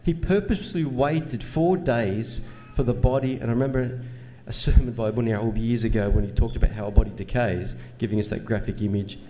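A man's voice: medium pitch, a little fast, few pauses, mellow. Man preaching, earnest, lots of rhetorical questions, reverby church sound. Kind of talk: sermon. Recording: long reverb, faint ambient noise.

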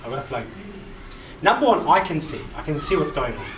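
A man preaches to a gathered group in a roomy hall, his voice pitched high and swinging widely as he drives each point home. He keeps repeating himself and tossing questions to the listeners, heard from some distance with noise in the background. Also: big pitch swings, a little fast. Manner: repetitive, emphatic, asks the audience questions. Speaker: preacher, youth speaker. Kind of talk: sermon to a live group. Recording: echoey hall, mic far off, audible noise.

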